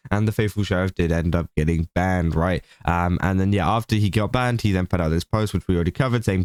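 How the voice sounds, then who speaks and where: A man's voice: sits low, clear, resonant tone, dry recording, clean studio sound. A man hosting a casual commentary video, rambling with lots of fillers and small laughs. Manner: rambling, many fillers, laughs between points. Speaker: commentary channel host.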